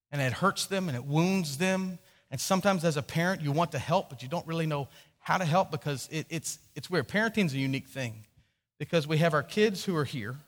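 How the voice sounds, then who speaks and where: A man preaching a sermon as pastor, storytelling with animation, acting out quotes and often restarting his sentences. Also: on the high side. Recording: long hall reverb.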